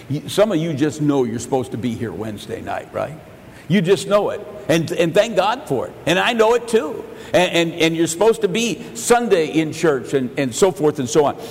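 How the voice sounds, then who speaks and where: Gravelly preacher in a church hall. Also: male voice, a little high. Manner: halting, repeats words, then swings loud and soft. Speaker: pastor. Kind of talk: sermon. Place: church sanctuary.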